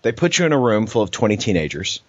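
A man's voice: on the low side, very animated, quick pace, dry recording, highs cut off. A man co-hosting a podcast, telling stories in a rambling casual way with many restarts and laughs. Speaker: podcast co-host. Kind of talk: casual chat.

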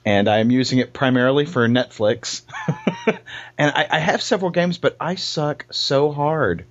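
A man's voice: mid-range voice, moderate pace, muffled recording. A man hosting a podcast, joking and teasing his co-hosts and laughing often. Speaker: podcast host. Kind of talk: casual chat.

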